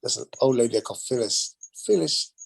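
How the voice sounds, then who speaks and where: A man, telling stories in a casual interview, rambling and animated with lots of fillers. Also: medium pitch, fairly quick, low-quality recording. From Australia. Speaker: guest, retired wrestler.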